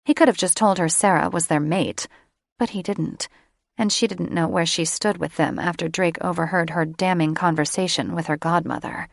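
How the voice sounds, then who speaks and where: A woman reads fantasy romance in a slow, deliberate style. Her voice sits low with a gravelly fry. The sound is close and dry, as from a studio booth mic. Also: dry recording. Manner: slow and measured. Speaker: audiobook narrator. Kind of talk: scripted fantasy romance narration.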